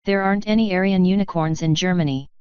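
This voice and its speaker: Woman voicing a gruff human war veteran man, blunt, growling, storybook, smooth voice, dry sound. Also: fairly low pitch, fast talker, darkish tone, dry recording, muffled recording, natural voice.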